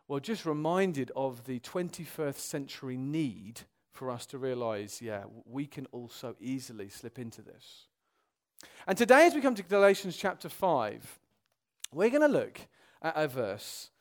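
With a slightly high voice, a young preacher addresses his congregation earnestly and with animation, his sermon rising to loud exclamations and falling back into quiet, serious passages.

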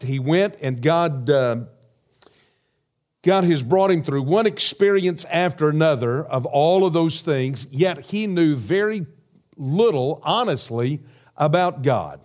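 Pastor, male, slightly higher voice, delivering a sermon with a deliberate, emphatic cadence. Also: darkish tone. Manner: measured, emphatic preaching with repeated phrases and rhetorical questions.

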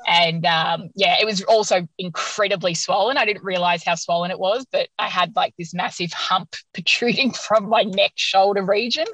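Bright-voiced woman telling a lively story. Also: medium pitch, moderate pace, hardly any pauses, dry recording, low-quality recording. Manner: animated, laughs often while telling. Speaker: podcast guest. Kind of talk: casual storytelling interview.

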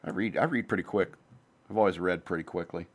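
Low-voiced man rambling casually as host. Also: husky. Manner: rambling, profane, jumps between topics; says he talks fast. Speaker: podcast host.

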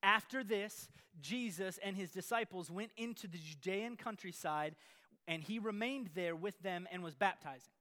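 A man preaching a sermon in an energetic, playful way, with sarcastic asides. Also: sits high, normal speed.

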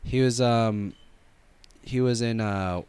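A man's voice: medium pitch, fairly even intonation, slow pace, darkish tone, clean tone, dry recording. Rambling man co-hosting a podcast. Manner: rambling, many fillers and restarts. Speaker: podcast co-host. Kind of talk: casual chat.

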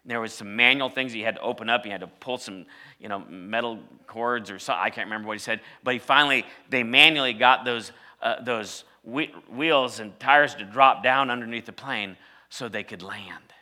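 A man preaching a sermon, telling a story and rising to loud, emphatic peaks. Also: mid-range voice, normal speed. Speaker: pastor.

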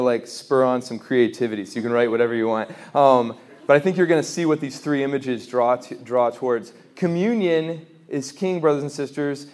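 A man with a somewhat high voice gives a faith talk to a live audience. He tells quick stories, asks rhetorical questions and circles back to repeated refrains with animated emphasis. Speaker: speaker at a faith gathering.

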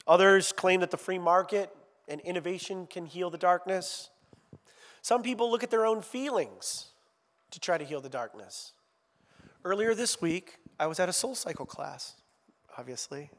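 A male pastor gives a relaxed, conversational sermon, slipping in self-deprecating jokes and asides. His voice sits a little high for a man. A long reverb trails each phrase, as in a large church hall. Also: moderate pace.

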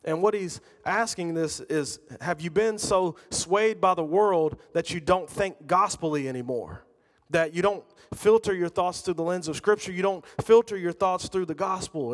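A man's voice: on the high side, big-room sound. A middle-aged man preaching a sermon, talking conversationally and telling personal stories. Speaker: pastor.

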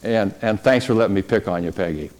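A man leading a church service, preaching in an easy conversational way and slowing down on key phrases. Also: lowish voice, a little mellow. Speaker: pastor. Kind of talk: sermon.

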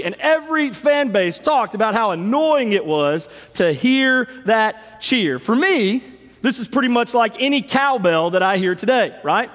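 A middle-aged man, a pastor telling stories in an animated sermon. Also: extremely high pitch, moderate pace. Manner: storytelling, animated, fond of shouting the cheer. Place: large church sanctuary. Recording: long hall reverb.

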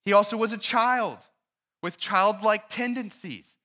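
A man, a pastor, preaching a sermon in a church and telling a story to his congregation, with lively questions to his listeners. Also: high-pitched, a little slow.

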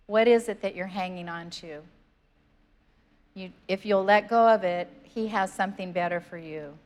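A woman's voice: medium pitch, moderate pace. A woman pastor giving a sermon in church, earnest and conversational, reading scripture aloud. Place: church sanctuary.

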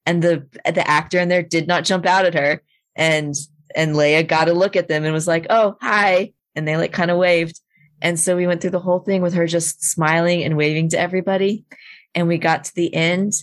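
A woman's voice: fairly low pitch, fairly even intonation, normal speed, no echo. A woman co-hosting a podcast, telling a story casually and animatedly, with frequent swearing and fillers.

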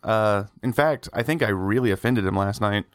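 A man co-hosting a gaming podcast, chatting casually and telling stories with lively acted-out quotes. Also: fairly low pitch, normal speed, no room sound, clean studio sound. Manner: animated storyteller who acts out quotes. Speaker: podcast co-host. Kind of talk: casual chat.

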